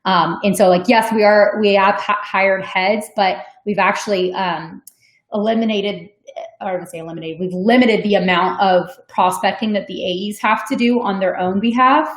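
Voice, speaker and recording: A woman's voice: mid-range voice, fairly even intonation, moderate pace. A woman answering audience questions in a webinar, talking casually with many ums and likes. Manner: conversational, frequent "um" and "like", laughs easily. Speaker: sales development manager on a webinar. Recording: echoey room.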